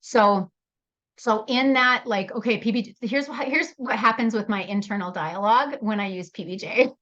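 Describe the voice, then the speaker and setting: A woman's voice: on the high side, moderate pace, fairly bright tone, lo-fi sound. A woman hosting a leadership workshop, talking animatedly, laughing often and speaking to attendees by name. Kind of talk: live workshop talk.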